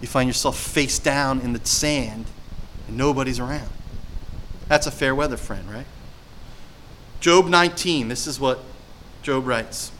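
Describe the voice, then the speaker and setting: A man with a mid-range voice preaches a sermon at a measured pace with long pauses, reading scripture dramatically with sudden shifts between loud and quiet. He asks his listeners questions conversationally, and the recording is rough with slight background noise.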